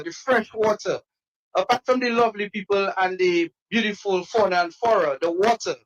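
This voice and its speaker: A man's voice: high-pitched, fairly bright tone, muffled recording. A man speaking earnestly in support of a cause at a news interview.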